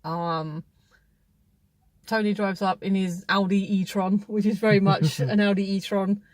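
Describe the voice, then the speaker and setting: A woman's voice: mid-range voice, steady tone, unhurried, dry recording. A woman hosting a casual film review chat, rambling and chatty with frequent laughs. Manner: rambling, chatty, laughs often, many restarts.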